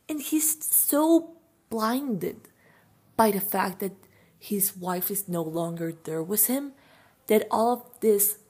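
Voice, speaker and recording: A woman's voice: mid-range voice, a little mellow, slightly rough. A young woman hosting a casual podcast, sharing strong opinions in a chatty way with lots of filler words. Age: young adult. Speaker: podcast host.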